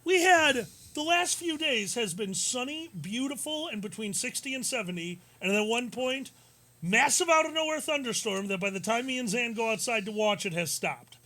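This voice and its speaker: A man with a high, bright voice chats casually as a stream host. He jokes around, rants and swears freely. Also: lively intonation, moderate pace. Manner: joking, profane, ranting. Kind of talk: casual chat. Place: home in Chicago.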